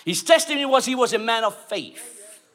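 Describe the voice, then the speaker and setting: A man preaching a sermon, emphatic and call-and-response, often rising to shouts. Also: very high-pitched, expressive, fairly quick.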